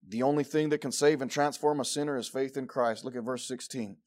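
A man preaching a sermon, jumping from loud exclamations to quiet low asides and acting out shouting crowds. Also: fairly even intonation, brisk. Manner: acts out the crowd in short shouted bursts.

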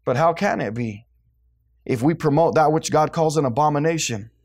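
A man preaching a fiery sermon to a congregation, swinging between loud emphasis and hushed, low-pitched lines. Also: moderate pace. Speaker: pastor.

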